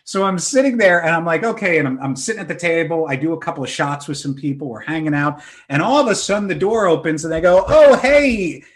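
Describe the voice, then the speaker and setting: Animated man telling funny stories. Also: fairly high pitch, fast, hardly any pauses. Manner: animated, self-mocking storyteller. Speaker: podcast host. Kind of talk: casual storytelling chat.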